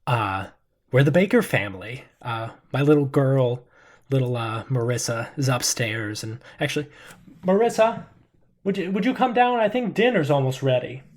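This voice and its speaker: A man plays an affable, chatty suburban father in a tabletop role-play. His voice sits at an ordinary middle pitch. He is friendly on the surface but can turn intense without warning. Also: moderate pace, close to an everyday voice.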